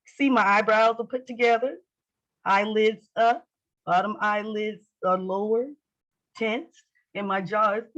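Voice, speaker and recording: A woman's voice: mid-range voice, steady tone, measured pace, a bit bright, muffled recording. A woman leading an online class in a lecture style. She is playful and acts out facial expressions with joking lines. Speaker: instructor.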